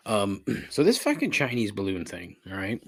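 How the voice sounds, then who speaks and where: A man's voice: lowish voice, huge pitch swings, moderate pace, breathy edge. A man hosting a solo podcast, ranting in a sarcastic, profane, exasperated way. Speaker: podcast host. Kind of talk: casual solo podcast rant.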